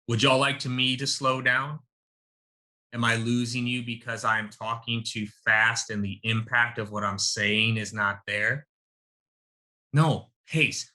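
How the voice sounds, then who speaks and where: A man's voice: mid-range voice, fairly even intonation, slow pace, pushed and bright. A man teaching a live sales-coaching webinar, emphatic and punchy, calling his audience y'all.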